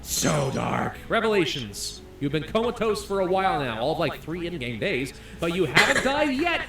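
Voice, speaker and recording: Excitable high-voiced gamer reading dramatically. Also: male voice, brisk, reverberant, recorded from a distance, loud music behind the voice. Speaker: gaming YouTuber. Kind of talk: let's-play commentary, reading the game text aloud.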